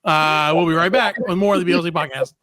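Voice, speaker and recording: A man's voice: fairly high pitch, steady tone, quick pace, sharp tone, no room sound. A man hosting a comedy podcast, joking loosely and reading tech news aloud in casual chat. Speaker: podcast host.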